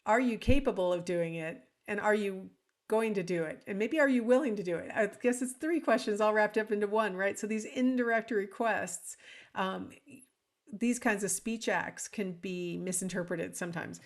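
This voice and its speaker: A woman's voice: medium pitch, moderate pace. A woman instructor giving a casual, conversational recorded lecture, with frequent ums and asides to the listener. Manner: acts out example lines in different intonations. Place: alone at home or office, speaking to a recording.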